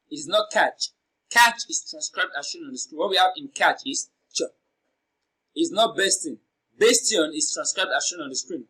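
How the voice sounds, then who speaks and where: Exam tutor, male, fairly high voice, deliberate and methodical, drills words by repeating them slowly. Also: pushed and bright, poor audio. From Nigeria. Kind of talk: lesson on exam questions.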